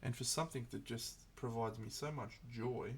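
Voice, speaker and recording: Male streamer, gravelly voice, casual rambling chat, faint background hiss. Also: medium pitch, normal speed. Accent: Australian. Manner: reflective, rambling, frequent restarts. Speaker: streamer painting miniatures.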